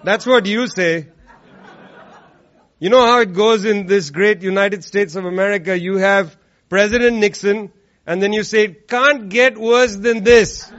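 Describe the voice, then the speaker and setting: High-pitched male speaker, sarcastic and punchy, addressing a live crowd; muffled lo-fi sound. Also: normal speed, long pauses, a bit bright. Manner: sarcastic, emphatic, repeats lines for effect. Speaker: speaker at an activist event. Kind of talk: political speech to a live audience. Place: room with an audience. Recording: dull lo-fi recording.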